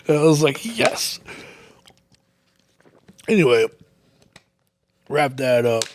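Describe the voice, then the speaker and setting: A podcast host with a mid-range voice speaks extremely slowly, pausing often, as he tells a long, casual story. He swears constantly and acts out exaggerated reactions, with no echo in the recording.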